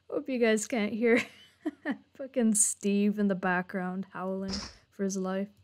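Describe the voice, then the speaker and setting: A woman's voice: medium pitch, noisy background. A young woman streaming a horror game, joking to her chat and swearing when startled. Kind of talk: horror game let's play commentary.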